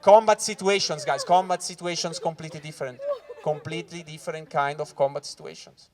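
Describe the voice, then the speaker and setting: Swiss italian guy doing standup, high lively voice, swears a lot, crowd laughing loud. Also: brisk. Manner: animated, swearing, acts out voices and loud punchlines. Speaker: stand-up comedian. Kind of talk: stand-up comedy set. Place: corporate event room with live audience. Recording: live crowd audible. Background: audience laughing.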